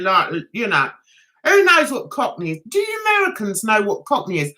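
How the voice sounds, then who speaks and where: A woman's voice: fairly high pitch, wildly swooping pitch, moderate pace, sharp tone. An older woman, hosting a casual livestream chat and rambling with giggles. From England. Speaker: livestream host.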